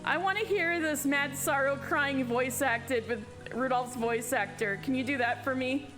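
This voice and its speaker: A woman streamer reading a visual novel aloud and reacting with animated, profane, casual commentary. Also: high voice, a little slow. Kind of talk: live game playthrough, reading text aloud and reacting. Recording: game music underneath.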